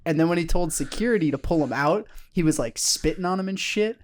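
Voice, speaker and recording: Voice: medium pitch, expressive, a little fast. A young adult guest on a podcast, telling a story in a laid-back, profane way. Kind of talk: casual chat.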